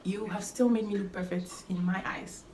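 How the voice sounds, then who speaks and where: A woman's voice: mid-range voice, steady tone, moderate pace, darkish tone. Earnest young woman, roomy echo. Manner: earnest and emphatic, repeats key phrases. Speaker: vlogger giving life advice. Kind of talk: casual talking-to-camera advice. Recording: roomy echo, faint background noise.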